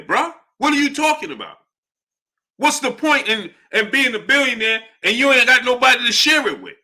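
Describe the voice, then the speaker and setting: Livestream host guy, really bright cutting voice, mutters chat names then goes off loud and preachy. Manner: swings between low mutters and loud heated outbursts; heated, preachy ranting. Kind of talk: casual livestream commentary, reading viewer chats.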